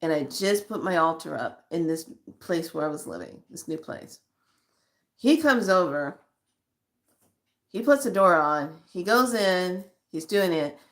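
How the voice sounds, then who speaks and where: A middle-aged woman vlogger telling a personal story to her viewers in an animated, emotional way. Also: lowish voice, measured pace. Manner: emotional, animated retelling with acted quotes. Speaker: spiritual vlogger.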